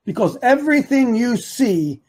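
A man's voice: very high-pitched, big pitch swings, a little slow, darkish tone. A man hosting a live opinion talk show, rambling and repeating himself for emphasis while talking to his producer and the chat.

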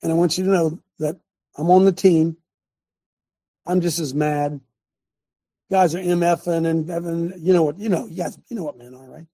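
A man leading a relaxed group discussion tells stories in a folksy, drawn-out way and keeps asking the group for agreement. His voice is husky and mellow. The sound is dry and close, as on a video call. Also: a little high, no room sound. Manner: folksy, drawn-out storytelling with rhetorical asides. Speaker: host and Bible study leader called Coach.

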